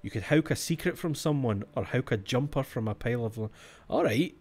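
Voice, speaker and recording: A man's voice: mid-range voice, brisk, a little mellow. Give me a Scottish man in his twenties live-streaming a game, swearing and joking as he reads clues aloud. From Scotland. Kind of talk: livestream gameplay commentary.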